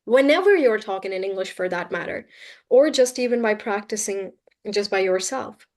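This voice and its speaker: A woman's voice: medium pitch, lively intonation, moderate pace, a little mellow. A woman teaching English pronunciation in a live online class, firmly correcting a student and explaining with examples over a video call.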